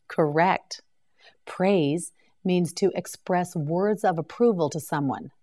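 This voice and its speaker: A woman teaching English vocabulary as a slow scripted drill, pronouncing each word carefully for learners to repeat. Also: fairly low pitch, darkish tone.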